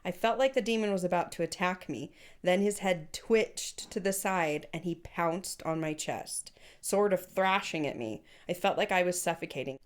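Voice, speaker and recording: Low-voiced woman, playful podcast co-host. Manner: playful, teasing reactions. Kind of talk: casual chat, reading listener stories aloud.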